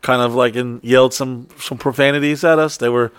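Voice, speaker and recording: A man's voice: mid-range voice, steady tone, a little fast, clean tone, no echo, studio quality. A man telling a story in a casual, profane chat, rambling and stopping to restart often.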